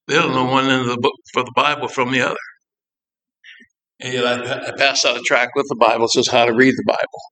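A man talks to a congregation about his prison ministry work. His delivery is plainspoken and rambling, full of side remarks and pauses as he collects his thoughts. His voice sits at a middle pitch for a man. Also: bright, forceful tone, low-quality recording. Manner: halting, with frequent pauses. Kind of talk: informal church talk to a congregation.

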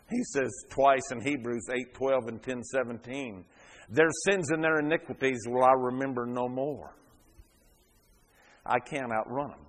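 A man pastor preaching a sermon, swelling to loud fervent peaks and dropping back quiet. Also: medium pitch.

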